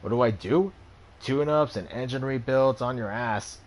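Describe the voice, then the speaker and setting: A man voicing a boisterous, hungover, middle-aged male back-alley cyber doctor in a video game. He talks brashly and jokingly, and he stays loud. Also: mid-range voice, moderate pace, lightly acted.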